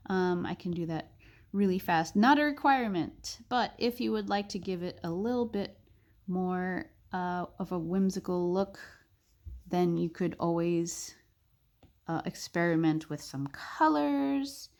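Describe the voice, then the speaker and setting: A young woman narrating a casual drawing tutorial, chatty and thinking aloud with soft muttered asides. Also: fairly low pitch, expressive, unhurried.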